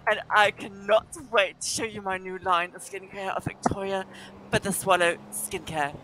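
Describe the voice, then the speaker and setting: A woman's voice: medium pitch, steady tone, normal speed, bright, forceful tone, voice pushed down, close to an everyday voice. A woman voicing a dramatic, self-important female socialite vlogger who calls everyone darlings and shrieks when upset. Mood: posh vlog. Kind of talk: role-play vlogging.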